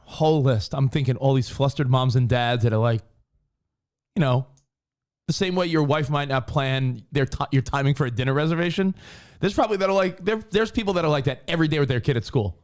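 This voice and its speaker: A man co-hosting a talk show, chatting casually and acting out quotes in high voices. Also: a little fast. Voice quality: animated storyteller, acts out quotes in high voices. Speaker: radio show co-host. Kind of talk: casual banter.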